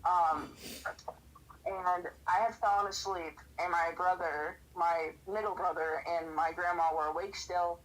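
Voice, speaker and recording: Unhurried and fairly even in intonation, a lowish-voiced woman streamer chats and tells stories, filling gaps with lots of "like." The recording is rough.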